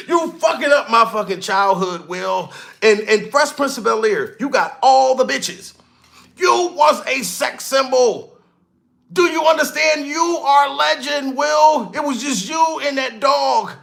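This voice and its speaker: A man hosting a livestream, ranting loudly and excitedly, swearing and shouting out to viewers in the chat. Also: very high-pitched, vocal fry. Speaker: livestream commentator. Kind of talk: profane livestream rant.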